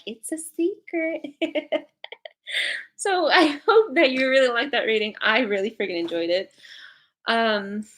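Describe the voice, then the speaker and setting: A woman reading angel cards on a live stream from home, chatty and giggly, with lots of fillers. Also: mid-range voice. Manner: giggly, laughs often, many fillers. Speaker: psychic card reader. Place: at home with a cat.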